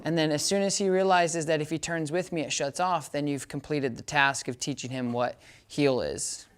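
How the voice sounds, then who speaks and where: A man teaching dog training in a relaxed demonstration. He explains each step casually and often checks in with the listener. His short commands to the dog come out bright and encouraging. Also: a little high, normal speed, smooth. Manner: chatty, keeps checking understanding. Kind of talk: casual hands-on training demo.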